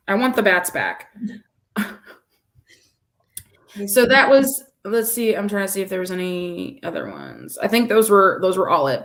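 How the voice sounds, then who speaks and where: A woman in casual sports-podcast chat, animated and sarcastic, often laughing as she reacts. Her voice sits in an ordinary middle range. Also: mid-range voice. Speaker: podcast co-host.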